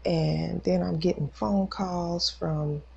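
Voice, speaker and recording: A woman's voice: on the low side, fairly even intonation, takes it slowly, gravelly, darkish tone, lo-fi sound, slight background noise. A woman podcast host telling a personal faith testimony in a casual, emotional way, acting out the voices of the people in her story. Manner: emotional, acts out quoted voices.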